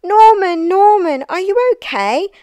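A woman voicing a group of excitable, bossy snails with high, loud, squealing voices. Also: a little slow, no echo. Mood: worried.

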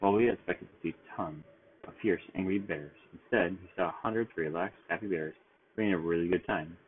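A man reading a bedtime storybook aloud in a steady, gentle way. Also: low-pitched, a little fast. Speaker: storybook reader. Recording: tinny phone-like sound with faint noise.

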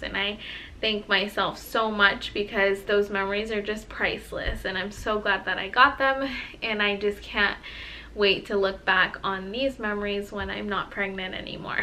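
A woman's voice: mid-range voice, sharp tone, a little hiss or hum, low-quality recording. A young pregnant woman talking to her viewers in a casual home vlog, gushing and emotional, close to tears. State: heavily pregnant. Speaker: vlogger. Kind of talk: casual vlog talk to camera.

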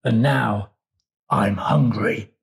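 A man's voice: vocal fry, full character voice. A man putting on a growling, touchy alligator. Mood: menacing. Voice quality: low slow growl. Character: grumpy hungry male alligator, touchy.

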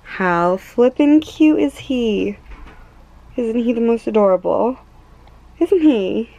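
A young woman chatting casually in a home vlog, bubbly and excitable, rambling with many fillers. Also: mid-range voice, low-quality recording. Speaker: vlogger.

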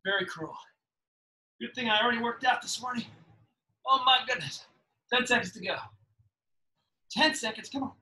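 A man's voice: very high voice, fairly quick, pauses often, bright, forceful tone. A man coaching a live workout class, giving upbeat, encouraging cues and counting down reps while exercising along. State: slightly out of breath while exercising. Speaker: fitness instructor.

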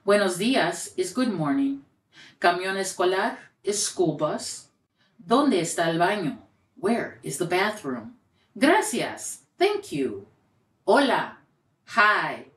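A woman reading a children's picture book aloud in a gentle, expressive storytelling way, lifting her voice for the quoted lines. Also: lowish voice, takes it slowly. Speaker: storybook reader and educator. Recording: roomy echo, voice a bit far from mic.

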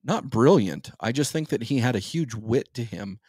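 A man's voice: medium pitch, lively intonation, moderate pace, darkish tone, slightly rough, dry recording, clean studio sound. A man co-hosting a podcast, giving thoughtful, opinionated explanations in casual chat. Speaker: podcast co-host.

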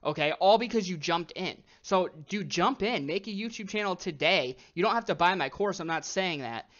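A young man gives a motivational talk in a casual, chatty way, sprinkling in "dude" and "okay." His voice is bright and forceful, sitting a little high for a man. The recording sounds slightly dull and lo-fi. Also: normal speed. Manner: casual, says "dude" and "okay" a lot, grows excited. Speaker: online business coach.

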